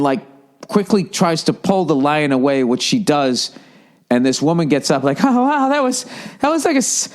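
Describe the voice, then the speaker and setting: A man hosting a podcast, telling a rambling, profane comic story in an animated way. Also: mid-range voice. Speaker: podcast host. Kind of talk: comedic storytelling rant.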